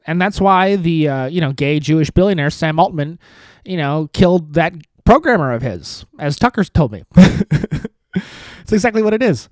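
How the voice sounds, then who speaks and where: Rambling, sardonic man with a lively voice. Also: on the high side, moderate pace, no room sound. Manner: rambling, profane, sardonic, with many restarts. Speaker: podcast host. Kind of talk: solo comedic monologue. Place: studio apartment.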